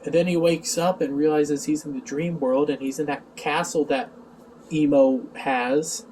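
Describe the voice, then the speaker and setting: Sarcastic guy rambling thru a show recap, kinda high voice, faint hiss behind. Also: fairly even intonation, unhurried, a little mellow, recorded from a distance, rough recording. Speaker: TV reviewer. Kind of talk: casual episode recap.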